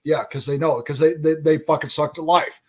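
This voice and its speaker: A man's voice: a little high, steady tone, moderate pace, a little hiss or hum. A man in his forties hosting a casual chat, emphatic and profane, often addressing the audience directly. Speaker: host.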